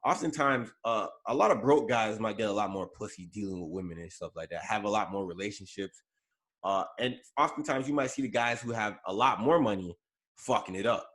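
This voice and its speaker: A man's voice: lowish voice, fairly quick, fairly bright tone. A man co-hosting a podcast, chatting casually about celebrity news with frequent fillers and self-corrections. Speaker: podcast co-host. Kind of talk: casual pop culture chat.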